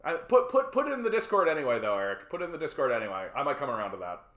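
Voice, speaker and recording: Hosting a political livestream, a man launches into a heated, profane rant packed with repeated words and fillers. His medium-pitched, fairly bright voice is very animated and very fast, and the recording has a roomy echo.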